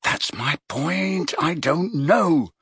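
A stubborn, earnest teenage boy, as a man reads him, pushing his point with lively rises and falls. the voice is husky and dry. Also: mid-range voice, unhurried, dry recording, full character voice. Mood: insistent. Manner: insistent, earnest.

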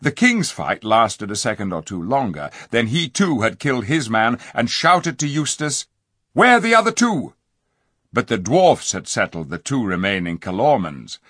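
A man reads a storybook aloud with a husky, slightly breathy voice. His pitch swings widely as he narrates expressively, and the recording is dry and close. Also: sing-song, moderate pace, hardly any pauses, a bit bright, no room sound. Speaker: audiobook narrator. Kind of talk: storybook reading.

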